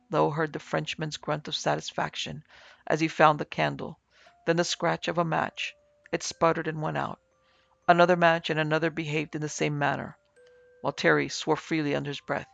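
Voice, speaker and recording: A man narrating a ghost story in a steady storytelling manner, over a faint music bed. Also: on the high side, normal speed, vocal fry, dry recording, highs cut off.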